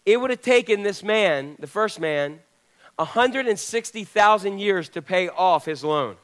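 High-voiced man preaching a sermon. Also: animated, unhurried, fairly bright tone. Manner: conversational preaching, asks the congregation questions. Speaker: pastor.

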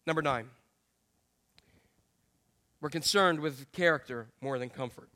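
Man, pastor, high voice, humorous conversational sermon, self-deprecating asides. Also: unhurried, pauses often, bright, forceful tone. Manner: candid, self-deprecating, jokey asides with sudden high exclamations.

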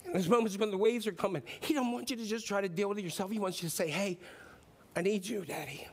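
A man's voice: high voice, fast talker, breathy edge. A middle-aged man preaching a sermon, talking in a conversational way and rising to emphatic declarations. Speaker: pastor.

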